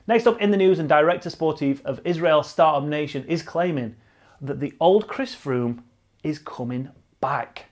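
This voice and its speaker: A man's voice: fairly high pitch, normal speed, darkish tone. A man hosting casual online cycling news commentary, blunt and sarcastic, swearing freely and repeating himself for emphasis.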